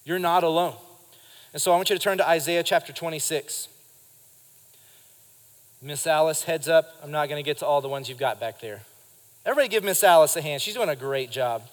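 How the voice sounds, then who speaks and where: A male pastor preaching to his congregation with a slightly high voice. He talks in a lively way and works the room. Long reverb from the church trails his words. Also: a little fast, pauses often. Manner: lively preaching, acts out quotes and addresses the congregation. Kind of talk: sermon. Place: church sanctuary during a live service.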